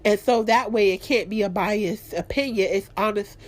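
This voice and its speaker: A woman hosting her own podcast, talking candidly and expressively about her week and her faith, clearing her throat now and then. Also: medium pitch, moderate pace. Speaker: podcast host. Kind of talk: casual personal talk.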